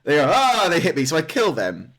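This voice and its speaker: A man's voice: a little high, very animated, fast, fairly bright tone. A man co-hosting a gaming podcast, telling rambling anecdotes broken up by laughter in casual chat. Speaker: podcast co-host.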